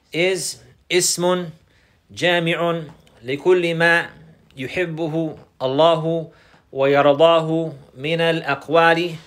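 A man's voice: fairly high pitch, fairly bright tone. A man teaching a religious class, repeating his points, mixing in Arabic phrases and asking students questions. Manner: mixes Arabic phrases into English. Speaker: Islamic teacher. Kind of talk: classroom lesson.

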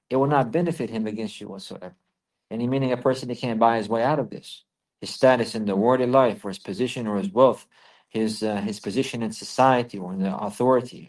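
Male religious teacher, middle pitch, recites and explains, repeats lines for emphasis. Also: a little mellow. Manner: repeats key phrases for emphasis. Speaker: Islamic teacher. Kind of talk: religious lesson, explaining Arabic text.

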